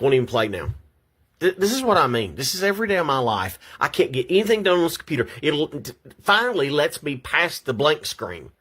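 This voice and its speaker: A man's voice: mid-range voice, a bit bright, husky. Shaky, agitated older man ranting. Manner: agitated, repeats himself, stumbles over words. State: shaky and upset. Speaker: vlogger. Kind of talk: angry personal rant to camera. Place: at home at his computer.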